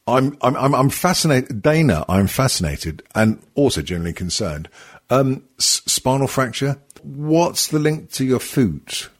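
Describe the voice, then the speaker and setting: A husky-voiced man hosts a loose, rambling comedy podcast, swearing freely and laughing often. He's very animated yet unhurried, his pitch swinging up and down with lots of life.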